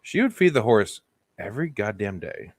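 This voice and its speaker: A man with a low voice tells comedic stories on a podcast, animated and quick to laugh. The sound is dry and close, with no room echo. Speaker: podcast co-host. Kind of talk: comedic storytelling chat.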